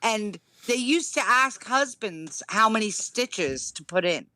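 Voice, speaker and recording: A woman talks bluntly and profanely in casual podcast chat, with a bright, lively voice. The sound is close and dry. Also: medium pitch, slow, dry recording. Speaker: podcast guest.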